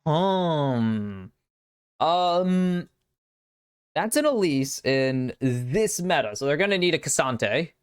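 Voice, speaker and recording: A man's voice: fairly high pitch, sing-song, extremely slow, clear, resonant tone, no echo, clean studio sound. A man from the United States casting an esports draft alone on a live stream, chatty and self-deprecating, muttering asides to himself. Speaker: esports caster.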